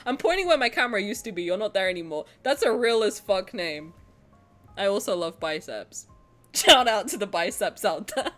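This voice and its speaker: A young woman streaming from home, bantering with her chat, swearing freely and breaking into laughter. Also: a little high. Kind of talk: casual live-stream chat.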